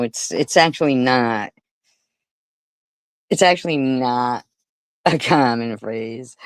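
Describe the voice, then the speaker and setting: Slow, smooth-voiced sarcastic woman. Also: rumbling low, no echo. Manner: sarcastic and confrontational. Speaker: livestream host. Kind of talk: casual livestream chat.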